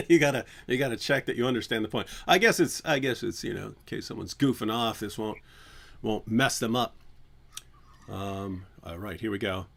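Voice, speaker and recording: A man's voice: lowish voice, moderate pace, creaky, fairly bright tone. Joking man hosting a livestream. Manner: joking, teasing, breaks into mock singing. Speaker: host. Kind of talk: casual livestream chat.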